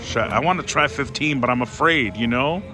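A man giving excited running commentary on a slot machine as he plays, talking to his viewers and pleading with the machine, on a casino floor. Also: mid-range voice, brisk. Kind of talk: casual live commentary while gambling. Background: casino music.

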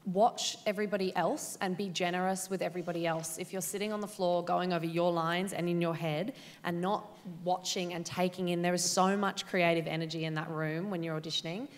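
A young woman on a panel, chatting and telling animated stories in a large auditorium. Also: fairly low pitch, a little fast, hardly any pauses. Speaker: graduate on a panel. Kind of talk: panel discussion. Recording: long hall reverb.

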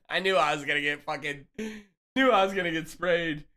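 Man, streamer, casual chat, bright voice, teasing, profane. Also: on the high side, measured pace. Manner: loose, swearing, teasing banter with chat; reads chat messages aloud and answers them.

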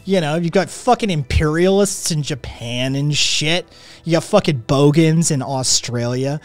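A man's voice: a little high, measured pace, no echo. A man who says he is sick and in pain, ranting with constant swearing while he reads and answers his chat. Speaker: streamer. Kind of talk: ranting live stream chat.

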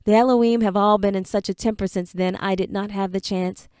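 A woman's voice: medium pitch, steady tone, fairly quick, a little mellow, clean tone, no room sound, clean studio sound, close to an everyday voice. A woman voicing an earnest young man who pleads with his father and fights back tears, read for an audiobook. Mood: earnest, worried. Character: earnest young adult son, proud and grieving.

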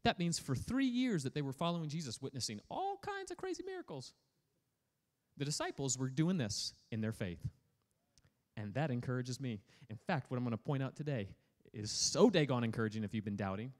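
A pastor preaching a sermon in an energetic, playful way, prodding the congregation to respond. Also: male voice, mid-range voice, fairly quick. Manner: energetic, playful, prods the audience for feedback.

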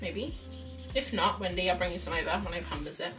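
A young woman with a low-leaning voice chats fairly quickly on her drawing livestream, rambling and reading chat messages aloud. She sounds far from the mic, slightly off-axis, over faint background music.

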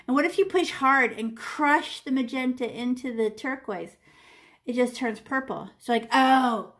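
A woman's voice: sits high, measured pace, a bit bright. A woman art teacher leading a children's painting lesson step by step, chatty and playful, with little sound effects and voices.

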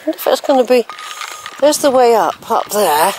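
A woman's voice: on the high side, big pitch swings, normal speed, darkish tone. A woman narrating a walking vlog outdoors on a lane, chatting and musing aloud to herself. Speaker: hiking vlogger. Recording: noisy outdoor recording with dogs barking.

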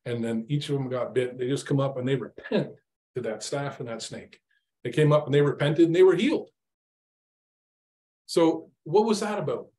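A man's voice: mid-range voice, moderate pace, mellow. A middle-aged man preaching an informal sermon, conversational, asking his listeners questions and acting out his own exasperated prayers.

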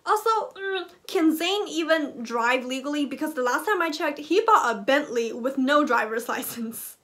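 A woman with a high, bright-sounding voice reacts to a music video in a casual vlog. She is playful and teasing and keeps cracking jokes as she talks. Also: lively intonation, normal speed, slight background noise.

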